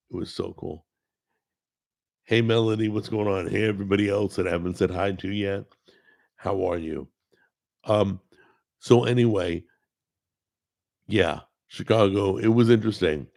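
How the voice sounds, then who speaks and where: A man's voice: fairly low pitch, unhurried, creaky, pauses often, darkish tone, dry recording. A man hosting a live stream, chatting casually and rambling, greeting people in the chat and often correcting himself. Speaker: host.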